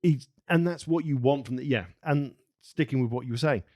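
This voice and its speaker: A man's voice: medium pitch, brisk, darkish tone, dry recording. Podcast guy, mid voice, swears a lot, stumbles and restarts, dry recording. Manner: emphatic, swears, hesitant restarts. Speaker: podcast co-host. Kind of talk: casual film discussion.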